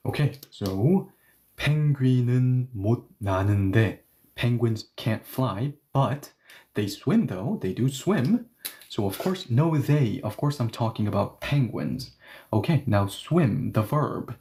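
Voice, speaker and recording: A man's voice: medium pitch, big pitch swings, slow, a little mellow. A man teaching a grammar lesson, explaining each step and asking questions that he then answers himself. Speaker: Korean language teacher.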